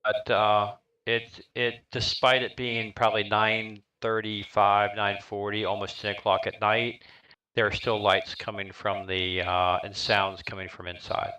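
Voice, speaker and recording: A middle-aged man narrating a live-streamed tabletop game as dungeon master, describing scenes in a halting way with lots of fillers. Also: lowish voice, flat delivery, pushed and bright, lo-fi sound.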